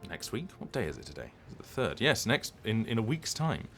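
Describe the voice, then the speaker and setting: A voice actor chatting casually on a live stream, rambling and hesitant with lots of ums and restarts. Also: male voice, on the low side, sing-song, fairly quick, creaky, a bit bright.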